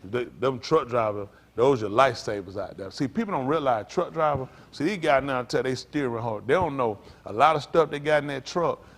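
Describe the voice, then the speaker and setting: A middle-aged male pastor preaching to a congregation, rambling through folksy stories and jumping to loud emphasis. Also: medium pitch, a little fast, hardly any pauses.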